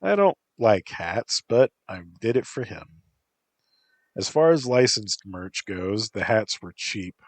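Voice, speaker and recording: A man reading a first-person story aloud in a deadpan, unhurried way. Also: fairly low pitch, no room sound. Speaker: narrator.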